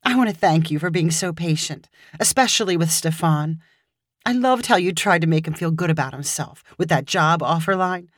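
A woman reading a story aloud, voicing a cheerful, confident woman customer with a bright, playful manner. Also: sits low, normal speed, no room sound, studio quality. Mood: grateful.

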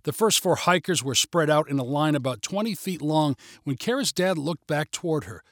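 A man's voice: fairly high pitch, dry recording. Dry, close male storybook narrator. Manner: measured, even storytelling.

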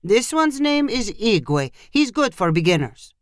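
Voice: mid-range voice, very animated, a little slow, no room sound, studio quality, pitched above the performer's own voice. A storyteller voicing a patient male cowboy who reassures a nervous rider. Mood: reassuring.

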